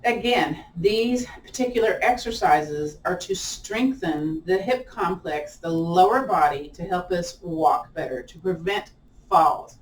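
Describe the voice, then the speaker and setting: A woman's voice: on the low side, unhurried, far from the mic. A woman with an American twang talks a class through chair yoga in a chatty, playful way, often laughing at her own remarks. She is picked up from across an echoey room, with a faint hiss behind her. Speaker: yoga instructor.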